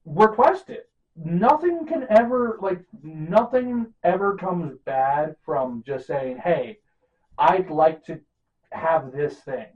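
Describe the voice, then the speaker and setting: A man hosting a casual podcast, talking in a rambling way with plenty of fillers. His voice sits a little high for a man. He often pokes fun at himself as he talks. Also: expressive, slow pace, a little mellow, breathy edge, no room sound, highs cut off. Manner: rambling, filler-heavy, self-mocking. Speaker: podcast host. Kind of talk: casual chat.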